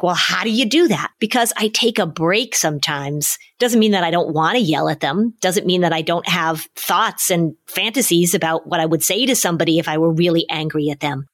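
Middle-aged woman, podcast co-host, slightly low pitch, calm and instructive delivery. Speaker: parenting podcast co-host, parenting expert. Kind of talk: casual advice chat.

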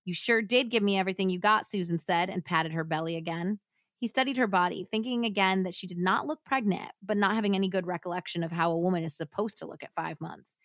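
A woman's voice: on the low side, quick pace, no echo, studio quality. A woman podcast host reading a true crime account aloud, voicing the quoted lines and breaking off to chat. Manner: reads aloud with acted dialogue, then chats and jokes. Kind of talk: dramatic reading with casual commentary.

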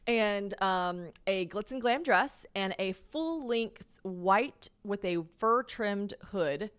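A young woman hosting a podcast, telling a story in a casual, animated way, full of "like" fillers, self-mocking asides and acted-out dialogue. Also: medium pitch, slow, clear, resonant tone. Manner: chatty and animated, lots of "like" fillers, acts out quoted dialogue. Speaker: podcast host.

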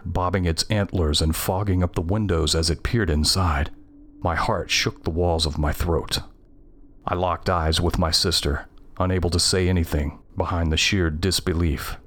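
A man's voice: low-pitched, a bit bright. A man narrating a first-person horror story in a tense, scripted reading.

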